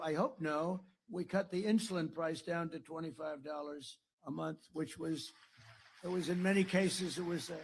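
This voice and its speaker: Gravelly older American man, boastful rambling. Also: fairly high pitch. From United States. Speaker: political speaker. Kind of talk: after-dinner speech. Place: dinner hall.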